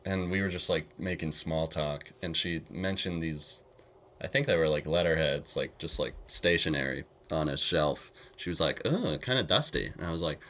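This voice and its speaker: Young dude, super low voice but punchy and bright, casual podcast chat. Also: male voice, normal speed. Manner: animated, hesitant, with many fillers. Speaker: podcast co-host.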